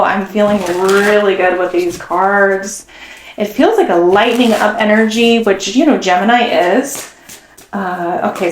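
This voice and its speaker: Chatty woman reading tarot in an echoey room. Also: medium pitch. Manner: chatty and effusive, gasps and acts out quotes. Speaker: tarot reader. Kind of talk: casual channeled tarot reading.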